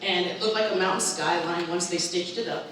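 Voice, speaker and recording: A woman performing an animated stand-up routine, acting out her family as she tells the story. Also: fairly low pitch, brisk, a little hiss or hum. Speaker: stand-up comedian. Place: live comedy show with a crowd. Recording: echoey hall from far off.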